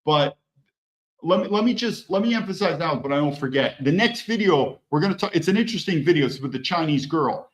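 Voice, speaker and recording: A man's voice: a little high, animated, fairly quick. A man hosting a political commentary show, reacting bluntly to news clips with mocking asides.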